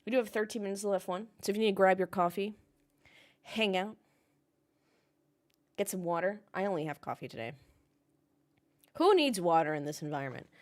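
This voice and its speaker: A woman's voice: medium pitch, expressive, fairly quick, long pauses. A young woman casually chatting on a livestream, reading chat comments and ranting with the odd swear word. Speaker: livestream host watching a race with chat. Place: home, in Melbourne.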